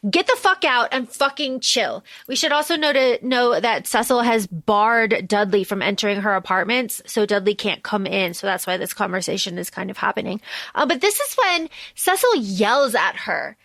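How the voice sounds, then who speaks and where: A woman co-hosting a podcast casually recaps a film, swearing and acting out the characters' lines in raised voices. Her medium-pitched voice moves at a normal speed, animated throughout, and the recording has no echo.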